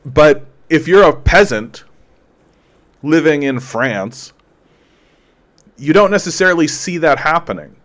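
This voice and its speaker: A man with a Canadian accent hosting a casual political commentary show, rambling conversationally with many fillers, swearing, and quick acted-out quotes. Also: mid-range voice, a bit bright. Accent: Canadian English.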